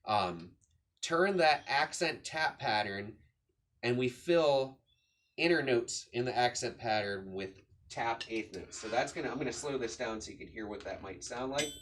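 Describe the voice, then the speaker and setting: A man's voice: medium pitch, animated, measured pace, a bit bright. A man teaching a drum lesson, patiently explaining strokes and counting beats aloud as he demonstrates. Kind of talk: casual instructional explanation. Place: room with a drum kit.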